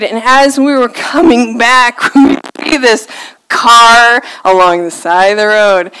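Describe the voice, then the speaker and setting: A woman's voice: fairly high pitch, sharp tone, clean tone, poor audio. A woman, preaching a sermon and telling a story on herself with self-deprecating laughter.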